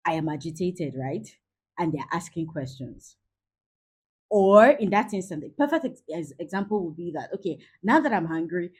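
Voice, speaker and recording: A woman in her forties giving a lively parenting talk, acting out everyday scenes as she coaches. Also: on the low side, breathy edge. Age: 40s. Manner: lively, acts out scenes with quoted voices.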